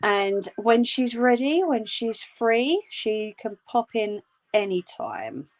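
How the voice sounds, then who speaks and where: A slightly high voice with big swings in pitch and a slow delivery belongs to a woman crocheting live from her home. She replies to viewers' comments in a relaxed, comforting, homely manner and calls them "love."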